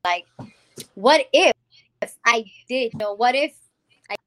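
Bronx lady w/ new telling her story, kinda high voice, really animated. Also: measured pace. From the Bronx, New York. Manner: animated storytelling, acting out quoted people, calls the host "girl". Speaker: guest, music founder. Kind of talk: personal testimony in a casual interview.

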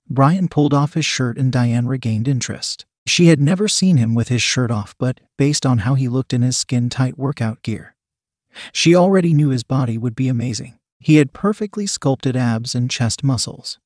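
A man reading a written story aloud in a steady narrating manner. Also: medium pitch, no echo, studio quality. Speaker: podcast narrator.

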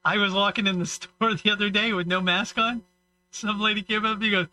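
Bright-voiced man telling rambling stories. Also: sits high, steady tone, a little fast, slight background noise, poor audio. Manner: rambling storyteller, acts out quotes. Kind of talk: casual banter.

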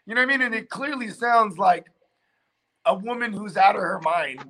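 A man's voice: sits high, lively intonation, moderate pace, sharp tone, slight background noise. A man hosting a casual chat, telling a long story loosely with lots of fillers and swearing. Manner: rambling storyteller, heavy filler and profanity.

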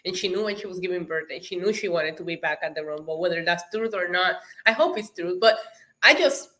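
A woman's voice: lowish voice, fairly quick, fairly bright tone. A woman whose first language is not English, co-hosting a casual chat and giving earnest, emphatic opinions. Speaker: podcast co-host.

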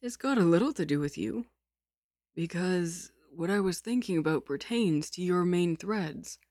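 A woman voicing a sickly young nobleman who speaks in a calm, lazy, half-whispered drawl. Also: fairly low pitch, unhurried, no echo, clean studio sound. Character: sickly, languid young nobleman, weak and resigned.

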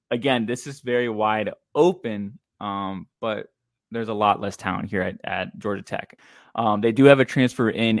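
A man's voice: on the low side, no room sound, clean studio sound. A man co-hosting a casual fantasy football podcast, talking loosely with lots of fillers and blunt opinions. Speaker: podcast co-host.

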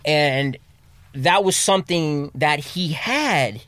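A man speaking as a podcast guest, candidly, with plenty of swearing and restarts, dropping low and quiet at emotional moments. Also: expressive, slow pace, no room sound. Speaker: podcast guest, recovery coach. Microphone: studio mic.

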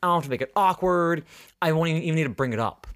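A man's voice: a little high, very fast, fairly bright tone. A young man hosting a podcast, telling a story in casual chat, acting out the voices of people he quotes and swearing freely. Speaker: podcast host.

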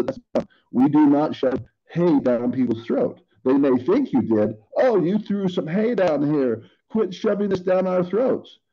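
A man's voice: medium pitch, dull audio. A middle-aged man in earnest, rambling casual talk about faith as a podcast co-host.

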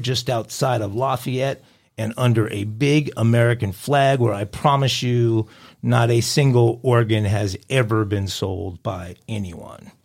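Man reading crime headlines aloud. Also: mid-range voice. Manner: wry, deadpan commentary between quoted passages. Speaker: podcast co-host.

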